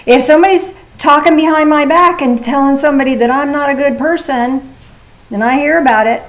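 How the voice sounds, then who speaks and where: A woman's voice: sits high, fairly quick. Woman preaching a chatty sermon. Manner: conversational, with playful asides and rhetorical questions. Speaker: pastor. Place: church service.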